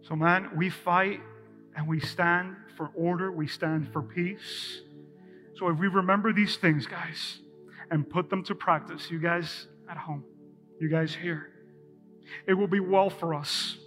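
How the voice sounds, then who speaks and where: A man's voice: high-pitched, steady tone, unhurried, fairly bright tone, soft background music. A man preaching a live sermon as pastor, talking energetically and directly to his congregation in a church.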